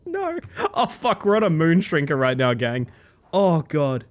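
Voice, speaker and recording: A man chatting casually and excitably while livestreaming a game, swearing freely. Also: a little high, moderate pace. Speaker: game streamer. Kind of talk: casual gaming livestream chat.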